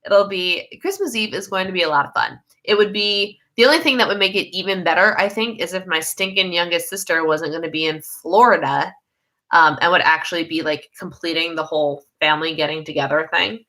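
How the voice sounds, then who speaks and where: Chatty bright-voiced Midwestern woman livestreaming. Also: lowish voice, brisk. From United States. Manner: chatty, rambling, laughs mid-sentence. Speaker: livestream host reading viewer comments. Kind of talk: casual live chat.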